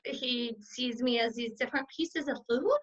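A middle-aged woman kindergarten teacher giving casual interview answers, animated and acting out the quotes in her stories. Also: on the high side, moderate pace, a little hiss or hum. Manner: warm, animated storyteller who acts out quotes. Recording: dull lo-fi sound.

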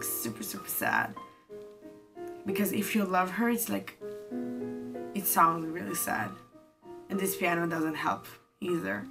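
Gushing young woman reacting to music. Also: fairly low pitch. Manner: gushing, exclaims often, non-native phrasing. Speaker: K-pop reaction vlogger. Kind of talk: casual reaction commentary. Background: faint music playing.

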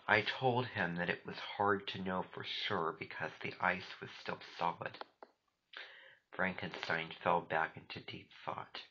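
Male narrator, low voice with a bright edge, hushed storybook reading; dull lo-fi audio with faint hiss. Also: measured pace. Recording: dull lo-fi recording, faint noise.

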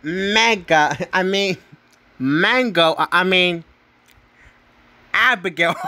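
A man with a bright, fairly high voice talks very slowly through a casual on-screen ranking. He rambles, circles back to the same points, and keeps tagging "right?" onto his sentences. He stumbles over names and corrects himself as he goes. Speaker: channel host.

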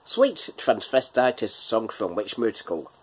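A man's voice: fairly low pitch, big pitch swings, normal speed, breathy edge. A man hosting a casual quiz from his kitchen, chatty, laughing often and breaking into bits of song. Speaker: quiz host. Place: home kitchen.

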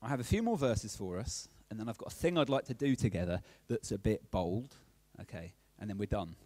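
A man's voice: lowish voice, expressive, fairly quick, darkish tone, dry recording. A man giving a casual, conversational sermon as a preacher, often checking in with his listeners. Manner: chatty, checks in with "okay?" often.

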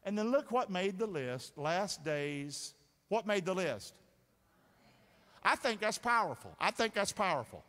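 A man's voice: sits high, very animated, a little slow, fairly bright tone. A man preaching a sermon from the stage, drawing responses from the congregation with repeated questions. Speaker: pastor. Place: church sanctuary. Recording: reverberant sanctuary sound.

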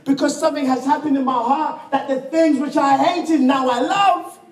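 A man's voice: very high-pitched, fairly even intonation, normal speed, darkish tone. A man preaching a sermon, telling his testimony as a story, acting out the dialogue and calling out for amens. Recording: echoey room, mic far off.

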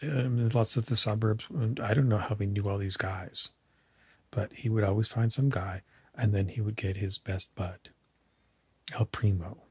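A man's voice: on the low side, fairly even intonation, moderate pace, no echo. A man telling meandering, digressive stories in a casual monologue to camera. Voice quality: husky.

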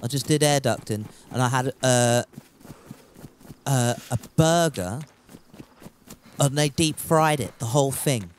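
A man's voice: medium pitch, unhurried, long pauses, a little hiss or hum. A man casually commentating his gameplay, rambling and joking as he chats with viewers. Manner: rambling, jokey, chatty with viewers. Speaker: game streamer.

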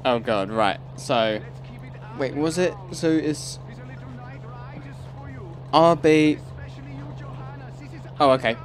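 A young man rambling through let's play commentary, breaking into sudden excited yelps and repeated pleas. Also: medium pitch, very slow, long pauses, music in the background. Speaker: gaming channel host.

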